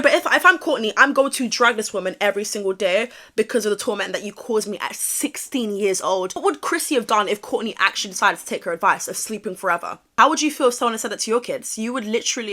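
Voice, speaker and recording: A woman's voice: medium pitch, bright, forceful tone. A woman giving gossip commentary as a vlogger, sassy and exasperated, reading posts aloud and reacting dramatically.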